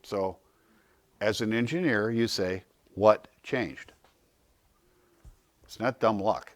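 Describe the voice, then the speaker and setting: A man gives an informal health talk to a small audience, telling stories and posing questions to himself that he then answers. He's an animated storyteller who acts out quotes in a raised voice. His pitch is fairly low, his pace slow, and the recording dry.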